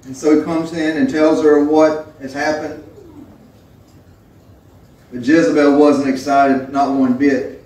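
A man's voice: a little high, darkish tone. A man preaching a sermon as pastor, reading scripture and then talking it through conversationally. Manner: reads scripture then preaches conversationally, acts out quoted voices. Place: church sanctuary. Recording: very echoey church hall, mic far off.

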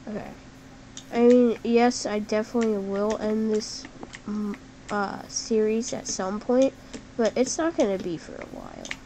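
A woman giving casual, chatty gameplay commentary, excitable and full of "like", with sudden shouts. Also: medium pitch, a little slow, slight background noise, poor audio. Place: at a computer while gaming.

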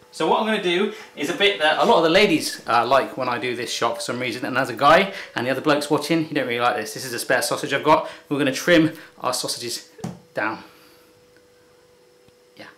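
A man's voice: on the high side, pushed and bright. An English man hosting a casual cooking vlog from a home kitchen, chatty, jokey and upbeat. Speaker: cooking show host.

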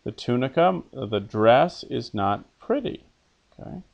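A man's voice: mid-range voice, big pitch swings, unhurried, gravelly, highs cut off. A man teaching an elementary Latin lesson, reading phrases for a pupil to repeat, then translating them and patiently quizzing. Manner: patient, asks questions and answers them himself.

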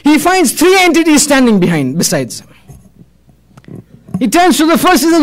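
High-voiced animated male preacher. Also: brisk, rough recording. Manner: dramatic storytelling, acting out voices. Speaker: Muslim preacher. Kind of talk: sermon lecture.

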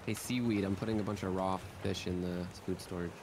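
Man, casual gaming chat, deadpan quips, lower voice, background noise. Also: brisk. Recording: noisy voice chat.

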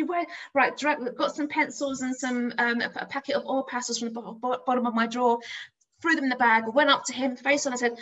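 A middle-aged woman from north-west London tells a story from her classroom on stage, her voice sitting a little high. She talks like a lively teacher, acting out her own words with plenty of energy. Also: quick pace, rough recording. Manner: animated storyteller, acts out her own excited voice. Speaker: teacher giving a talk.

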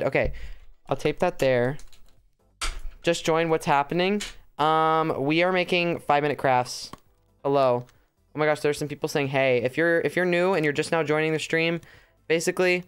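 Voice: medium pitch, moderate pace, smooth, faint music behind. A streamer chatting casually through a livestream while crafting, rambling and joking with mock drama.

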